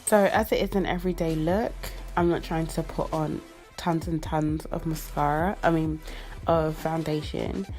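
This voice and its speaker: A chatty young woman talks through her everyday makeup routine, slightly low-pitched for a woman, with faint music playing underneath. She keeps it playful and loose, making up silly words along the way. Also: darkish tone. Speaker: beauty vlogger. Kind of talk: casual makeup tutorial chat. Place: indoors at home under studio lights.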